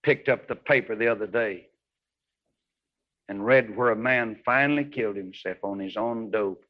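A man preaching a fervent sermon, swinging between loud rising highs and hushed low passages. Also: moderate pace. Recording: dull lo-fi old recording.

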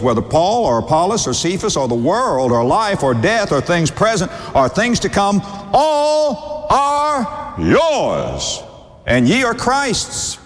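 A man's voice: medium pitch, big-room sound. A man preaching a sermon, stretching out scripture quotes and chuckling now and then. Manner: animated, drawn-out scripture quotes, warm chuckles.

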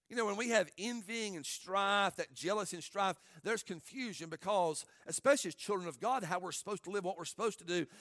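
A man preaching a sermon in an animated way, acting out the people in his story in different voices. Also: high-pitched, no echo, clean studio sound. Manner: animated, acts out quotes in varied voices. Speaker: pastor.

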